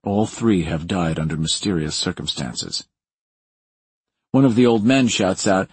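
Male audiobook narrator, deep and raspy, dry wry delivery, lively intonation. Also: measured pace, dry recording. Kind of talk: first-person thriller narration.

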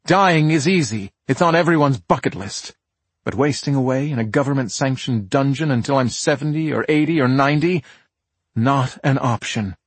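A cornered doctor in his forties speaks with cold, measured calm and quiet defiance, voiced by a male audiobook narrator. His voice is husky and close, with no room around it. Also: medium pitch, no echo, pitched above the performer's own voice, lightly acted. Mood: defiant.

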